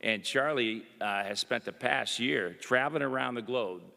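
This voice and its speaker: Gravelly, bright-voiced man speaking in a hall. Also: mid-range voice, moderate pace. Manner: folksy, chatty storytelling with frequent "you know" and "uh". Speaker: government undersecretary giving remarks. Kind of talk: public speech with anecdotes. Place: university event hall. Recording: long reverb of an event hall.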